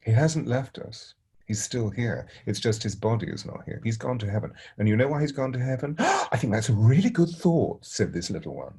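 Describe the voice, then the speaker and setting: A middle-aged man, a spiritual teacher, telling a story gently and unhurriedly, pausing and restarting often. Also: mid-range voice, sing-song, creaky, breathy edge. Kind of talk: reflective storytelling.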